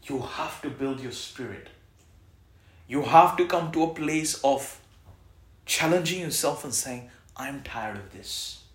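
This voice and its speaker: A man preaching a sermon as pastor, calling out lines for the congregation to repeat and swinging between loud exhortation and soft reassurance. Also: a little high, measured pace, long pauses. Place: church hall. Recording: echoey church hall.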